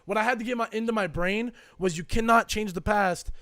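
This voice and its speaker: A young man with a notably high, bright voice co-hosts a casual podcast chat, speaking a little fast and with a forceful tone. He rambles and circles back as he reflects, leaning heavily on fillers.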